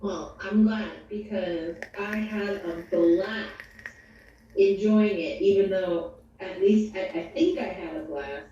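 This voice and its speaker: A woman's voice: medium pitch, slow, warm tone, reverberant. A woman playing a tabletop role-play game in a playful, laughing way, recorded distant and dull with faint noise. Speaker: player.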